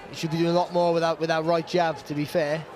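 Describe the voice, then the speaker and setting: A man's voice: fairly high pitch, little pitch movement, fast. A man giving expert boxing analysis, chatty, leaning on fillers and restarts. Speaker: boxing pundit. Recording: commentary mix with loud arena noise.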